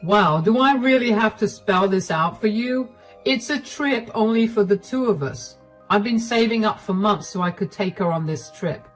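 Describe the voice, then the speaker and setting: A woman's voice: mid-range voice, normal speed, close to an everyday voice, low-quality recording. A woman voicing a callous, dismissive middle-aged husband who talks down to his wife, with faint music behind. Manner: condescending, cold. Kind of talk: storytelling voice acting.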